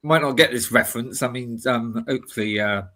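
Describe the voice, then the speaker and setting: A man's voice: mid-range voice, quick pace, sharp tone. A middle-aged man co-hosting a casual online stream, chatty and reminiscing, laughing easily. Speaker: co-host. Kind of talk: casual live-stream chat.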